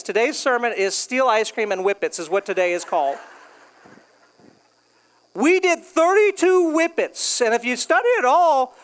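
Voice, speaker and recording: Man preaching a jokey storytelling sermon. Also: extremely high pitch. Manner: storytelling, joking, animated. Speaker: pastor.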